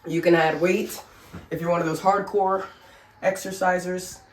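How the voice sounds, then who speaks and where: A woman's voice: on the low side, flat delivery, normal speed, slight background noise. A woman vlogging at home, showing simple workouts in a chatty, joking way while sick and short of breath. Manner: chatty, joking, laughs at herself. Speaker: family vlogger. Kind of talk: casual instructional vlog. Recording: echoey room.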